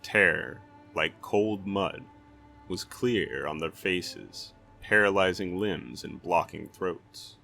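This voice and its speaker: A man reading a fantasy novel aloud as a storyteller, in steady dramatic narration. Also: deep voice, takes it slowly, vocal fry, soft background music.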